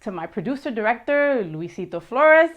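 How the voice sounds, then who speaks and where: A woman's voice: on the high side, big pitch swings, normal speed, phone-quality sound. Bubbly woman talk show host. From Miami area. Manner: bubbly, gushing, drops in Spanish phrases. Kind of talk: upbeat talk show hosting.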